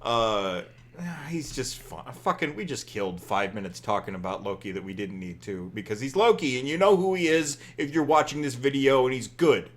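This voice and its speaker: A man's voice: medium pitch, animated, moderate pace. Meandering, joking young man. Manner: meandering, joking, swears often. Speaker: podcast co-host. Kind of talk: casual chat.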